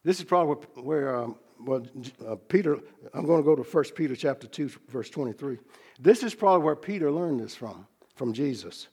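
A man preaching a sermon, teaching from scripture in a measured, earnest way and slowing down to stress key phrases. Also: on the high side, expressive, mellow, husky.

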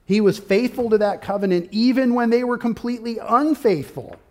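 A man preaching an expository sermon, walking through his outline point by point and rising to forceful, loud peaks of emphasis. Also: very high voice, lively intonation, brisk. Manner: outlined teaching with subpoints. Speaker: pastor.

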